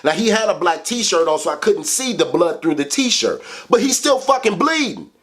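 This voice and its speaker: A man spins a childhood story for the camera, swearing freely and driving his points home. His voice sits a little high and leaps up and down in pitch as he gets into it. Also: normal speed. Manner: animated, profane, heavy swearing; big swings in pitch for emphasis. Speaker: vlogger. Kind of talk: casual storytelling.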